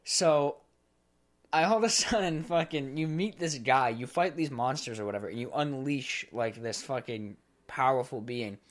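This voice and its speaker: Guy cohosting a podcast, swears a lot, gets animated telling stories. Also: mid-range voice, normal speed. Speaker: podcast co-host. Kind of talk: casual chat.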